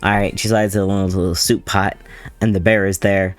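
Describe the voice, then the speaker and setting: A man's voice: deep voice, level tone, a little fast, faint music behind. A man recapping a movie in a casual, sarcastic, profane, rambling way. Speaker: movie commentator.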